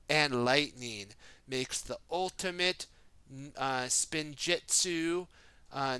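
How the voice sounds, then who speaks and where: In a casual read-aloud for kids, a man reads a children's storybook, chatting with the listener and asking questions along the way. When the heroes speak, he shouts their lines in a raised, excited voice. His own voice is mid-range and smooth, with no room sound.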